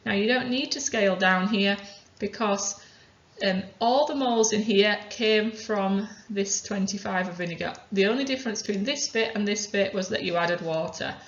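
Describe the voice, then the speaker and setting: A woman chemistry teacher calmly talking through worked examples step by step. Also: medium pitch, normal speed. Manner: methodical, talks through each step aloud. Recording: roomy, dull lo-fi sound.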